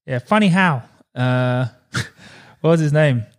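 Slowly and at a fairly high pitch, a man co-hosting a podcast admits to being hungover. The talk is casual, with him joking, rambling, using fillers, and laughing.

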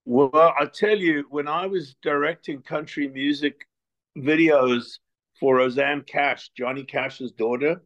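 A man's voice: fairly high pitch, steady tone, takes it slowly, fairly bright tone. An older man from South Africa, a filmmaker guest telling stories in a rambling, wry, crude style. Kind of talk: casual storytelling interview. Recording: muffled lo-fi remote line.

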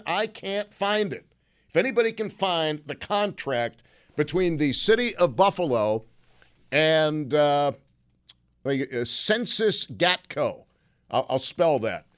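A middle-aged man hosting call-in talk radio in a studio, sarcastic and joking, rambling with restarts. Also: fairly high pitch. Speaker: radio talk show host. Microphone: studio microphone.

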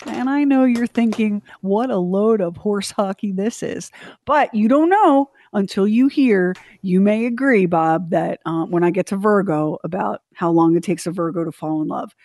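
A woman's voice: medium pitch, normal speed, hardly any pauses, a little mellow, dry recording. A woman co-hosting a radio show, chatty and playful, laughing often. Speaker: radio co-host. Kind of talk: casual radio banter.

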